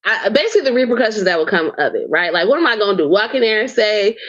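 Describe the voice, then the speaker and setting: A woman's voice: medium pitch, animated, fast, dry recording, dull audio. A woman co-hosting a podcast, recapping a show in loose casual chat, swearing and laughing as she rambles with fillers. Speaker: podcast co-host.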